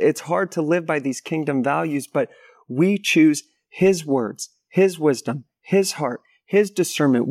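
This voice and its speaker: Lively man preaching a story-driven sermon. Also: on the high side, no echo, studio quality. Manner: animated storytelling, acts out voices and sounds. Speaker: guest pastor.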